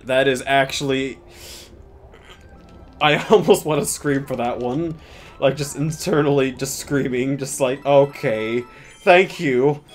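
A young man narrating his own gameplay in a loose, chatty stream, sarcastic and quick to swear. He slips into mock-dramatic asides, and faint music plays behind him. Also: mid-range voice. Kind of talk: casual gameplay commentary.

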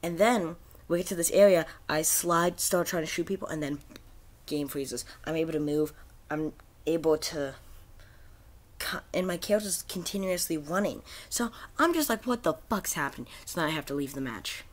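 A man's voice: fairly high pitch, moderate pace. A man ranting in frustration about a video game, swearing constantly and rambling with many fillers and restarts. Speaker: gaming video creator. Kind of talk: angry gaming rant.

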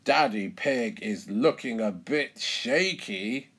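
A man voicing a hearty male bull who runs a fairground game, with a loud, hearty laugh. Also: mid-range voice, lively intonation, takes it slowly, husky, heavily acted. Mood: mocking.

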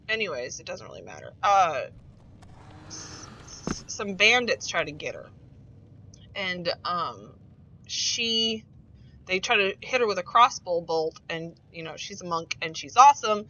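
Woman game streamer, bright and animated, rambling and giggly, dull lo-fi stream audio. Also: fairly low pitch, a little hiss or hum. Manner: rambling, giggly, swears freely. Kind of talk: casual chat while playing.

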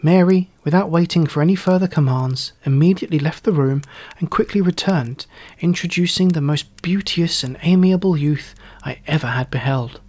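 A man reading a classic story aloud as storyteller, in a measured, theatrical manner suited to period prose. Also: fairly high pitch, darkish tone.

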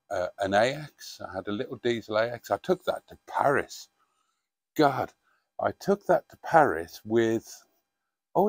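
A man's voice: on the low side, no echo. A middle-aged man reminiscing in a casual vlog monologue, rambling and hesitant with frequent ums. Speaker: vlogger.

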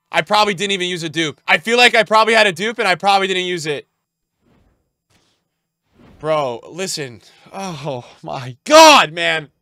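A man's voice: on the high side, pushed and bright, no room sound, clean studio sound. A young man streaming a pack opening, hyped and chatty, talking straight to his chat. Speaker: gaming streamer.

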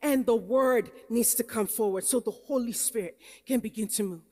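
A woman's voice: on the high side, moderate pace, warm tone. A Nigerian American woman pastor preaching a sermon, telling stories that build to emphatic preaching. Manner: storytelling, rising to emphatic preaching. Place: conference hall. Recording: long hall reverb.

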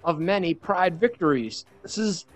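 A young man giving excited let's play commentary on a fighting game, shouting and laughing at the big hits. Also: sits high, normal speed. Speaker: gaming YouTuber.

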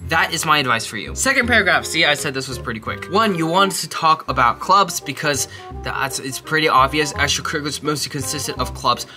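A young man from Texas giving casual advice to applicants, animated and self-mocking, dropping quick mumbled asides to himself. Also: a little high, over music. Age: young adult. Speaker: college student giving essay advice.

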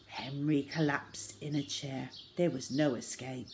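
A woman reading a children's storybook aloud, expressive and dramatic. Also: very deep voice, unhurried, slight background noise.

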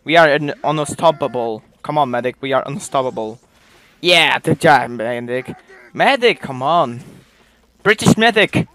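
A man giving excited gameplay commentary as a streamer, exclaiming and reacting loudly, in broken non-native English. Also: mid-range voice, a little slow. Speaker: game streamer.

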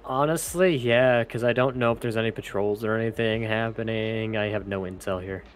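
A man's voice: on the low side, moderate pace. A man at a tabletop game, chatting casually, teasing and swearing in exasperation.

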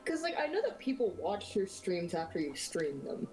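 A woman's voice: on the low side, big pitch swings, normal speed, darkish tone. A woman chatting casually with a streamer over a voice call, teasing and giggling. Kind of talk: casual chat during a game stream.

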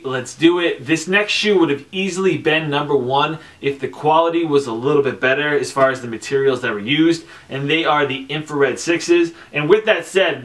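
A young man talking casually on camera about his sneaker collection, chatty and relaxed, with lots of fillers and slang. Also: medium pitch. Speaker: sneaker vlogger. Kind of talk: casual product review.

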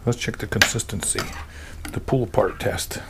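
A man's voice: on the low side, moderate pace, gravelly, very noisy. A man hosting a casual home cooking video, showing off smoked meats and tasting them with eager murmurs of delight. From Pennsylvania. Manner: enthusiastic, tasting and reacting with pleased murmurs.

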